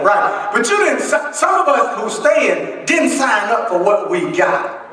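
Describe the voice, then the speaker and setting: A man's voice: very high-pitched, sing-song, moderate pace, sharp tone. A male pastor preaching in a church. He uses a folksy, humorous, call-and-response style and often asks the congregation to finish his lines. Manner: folksy, humorous, conversational delivery. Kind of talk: sermon. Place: church sanctuary. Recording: echoey church from a distant mic.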